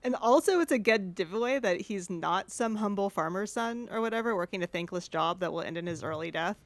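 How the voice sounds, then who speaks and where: A woman co-host in casual book-review chat, animated and opinionated as she tells stories. Her voice sits at an ordinary pitch. The recording is close and dry, with no room sound. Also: fairly quick, no echo. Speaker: podcast co-host.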